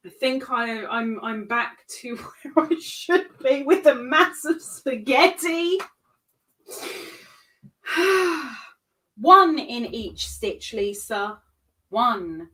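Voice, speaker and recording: A high-voiced woman talks unhurriedly to her live viewers while she crochets. She giggles at her own slips, counts stitches out loud and pokes fun at herself. Her voice sits a little back from the microphone. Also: expressive, very slow, pauses often, distant mic. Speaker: crochet livestream host. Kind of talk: casual live-stream chat while crocheting.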